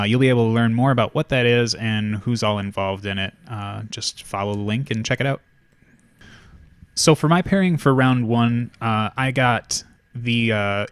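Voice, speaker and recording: Low-voiced man chatting casually, dry sound. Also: no echo. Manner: rambling, many fillers and restarts. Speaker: wargame battle report host. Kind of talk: casual chat.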